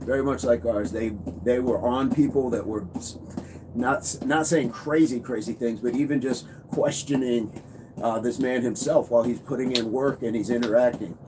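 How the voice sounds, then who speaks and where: A man's voice: mid-range voice, steady tone, normal speed. A man coaching fitness on a casual livestream, upbeat, reading and answering viewer comments. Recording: noisy background.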